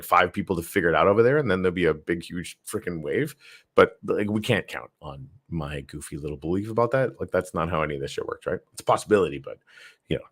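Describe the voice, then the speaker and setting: Low-voiced man hosting a casual livestream. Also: husky. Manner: rambling, many fillers and restarts, reads comments aloud. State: tired. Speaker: show host.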